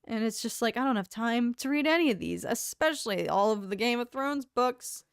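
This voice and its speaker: A woman's voice: a little high, expressive, normal speed, smooth, dry recording, studio quality. Bubbly, chatty woman streamer. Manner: chatty, bubbly, laughs often, hums filler tunes. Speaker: livestream host. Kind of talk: casual chat reading live comments.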